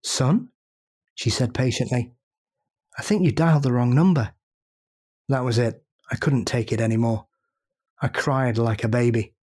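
A man reading a story aloud in a podcast, measured and emotive, holding dramatic pauses. His voice sits at an ordinary middle pitch. He turns quieter and softer on the sad moments. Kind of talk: narrated story reading then casual chat.

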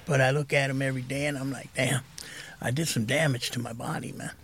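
A soft-spoken man in his fifties, telling his own story candidly as a podcast guest. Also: mid-range voice, steady tone, quick pace, a little hiss or hum.

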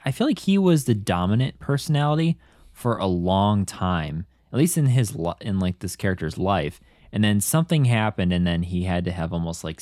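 A man with a low voice that swings widely in pitch, talking casually as a podcast co-host. He is animated and slips into quoted voices as he talks. The sound is close and dry. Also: no echo. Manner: animated, acts out characters' lines in quotes. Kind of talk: casual chat.

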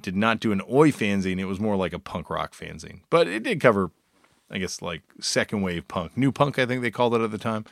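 A man's voice: lowish voice, fairly bright tone, no echo, clean studio sound. A man hosting a podcast, giving a casual, enthusiastic intro full of fillers and restarts. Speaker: podcast host.

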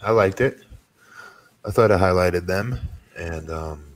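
A man's voice: sits low, measured pace, no echo. A man co-hosting a casual podcast, blunt and opinionated. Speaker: podcast co-host. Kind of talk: casual chat.

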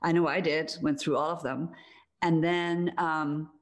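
A woman's voice: low-pitched, fairly even intonation, measured pace. A middle-aged woman with an Irish accent, guest in a casual conversation, speaking reflectively and laughing easily. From Ireland, Donegal.

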